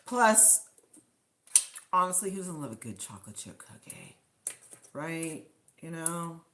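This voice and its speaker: A woman hosts a relaxed livestream from her kitchen at home, rambling along with plenty of fillers. Her voice sits low but swings widely in pitch. A faint hiss of noise runs underneath. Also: slow pace. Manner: chatty and rambling, with many fillers. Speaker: live stream host. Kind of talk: casual livestream chat.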